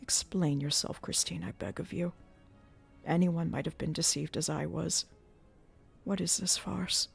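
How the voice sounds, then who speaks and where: A woman's voice: low-pitched, steady tone, a little slow, gravelly, breathy edge, faint music behind, full character voice. Woman voicing a bitter jealous young nobleman. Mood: pleading. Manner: sarcastic, reproachful.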